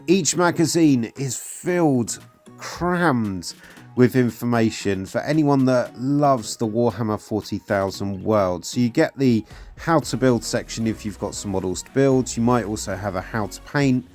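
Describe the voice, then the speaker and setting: Casual male vlogger, mid-pitched, friendly and rambling, faint music bed. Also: expressive, unhurried, darkish tone. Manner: chatty, upbeat, with frequent fillers. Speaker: hobby channel host. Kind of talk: casual product review.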